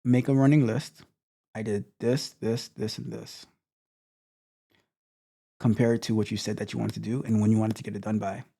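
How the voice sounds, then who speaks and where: Blunt man with a dark voice. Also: fairly low pitch, level tone, moderate pace, gravelly, pauses often. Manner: blunt, repetitive, stammering restarts. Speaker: tech coach. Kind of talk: motivational talk to stream viewers.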